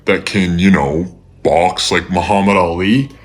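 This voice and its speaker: Deep, husky voice landing comic punchlines. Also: a little slow. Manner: punchline delivery, swearing. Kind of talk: comedic sketch banter.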